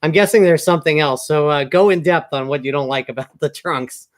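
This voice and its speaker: A man with a fairly high voice speaks a little fast as he co-hosts a wrestling podcast. He recaps matches in a laid-back, casual way, hesitating often with lots of ums and uhs.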